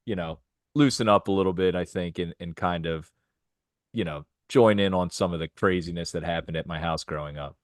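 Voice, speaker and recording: A man's voice: deep voice, a little fast, no room sound, studio quality. A young man co-hosting a podcast in casual chat, rambling with lots of fillers. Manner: rambling, filler-heavy, laughs easily. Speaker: podcast co-host.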